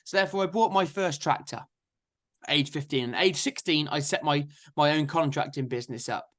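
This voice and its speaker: A young man, telling his story in a lively, chatty interview. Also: a little high, brisk. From England. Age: 20s. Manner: chatty, energetic anecdotes with frequent "so therefore". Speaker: guest farmer.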